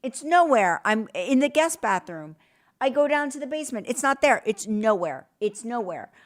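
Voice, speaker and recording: A woman's voice: sits high, normal speed. Chatty woman host telling stories. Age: 50s. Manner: animated storytelling, swears freely. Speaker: talk show host. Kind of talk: casual chat.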